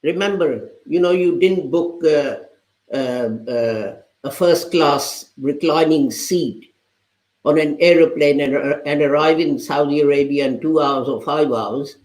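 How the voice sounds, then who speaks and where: A man preaching a sermon with a slightly high voice. He tells his lesson as a story and quotes the people in it. The sound is roomy and echoey. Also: unhurried, darkish tone. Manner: retells a parable, quoting its people. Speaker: preacher giving the Friday sermon.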